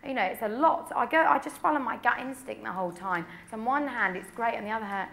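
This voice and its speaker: A young English woman fields reporters' questions, talking candidly with lots of "you know" and filler. Her voice is bright and sits a little high. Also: quick pace, vocal fry. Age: 20s. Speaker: pop singer at a press conference. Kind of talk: press conference answers.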